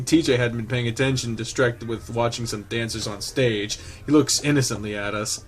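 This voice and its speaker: A man's voice: mid-range voice, steady tone, moderate pace. A man reading a visual novel aloud and reacting with frequent laughter. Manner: laughs often, reacts loudly. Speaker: let's play host reading a visual novel. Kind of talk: casual game reading with reactions.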